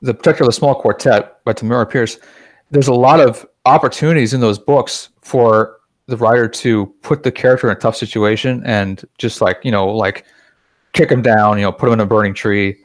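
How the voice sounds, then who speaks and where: A man's voice: medium pitch, fairly even intonation, fairly quick, no echo. A man chatting casually on a podcast, rambling a little and acting out the things he quotes. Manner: chatty, acts out quoted remarks.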